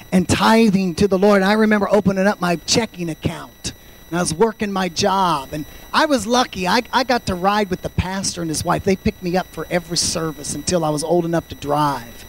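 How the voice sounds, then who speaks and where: A man in his fifties preaching a sermon, fervent, swinging between loud shouts and quiet storytelling. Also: high voice, brisk, rough recording. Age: 50s. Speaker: pastor.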